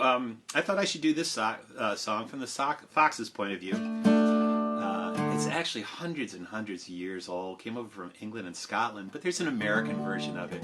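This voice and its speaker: A man telling stories and chatting between songs on a livestream, animated and chatty, breaking into sound effects. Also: lowish voice. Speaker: children's storyteller and singer.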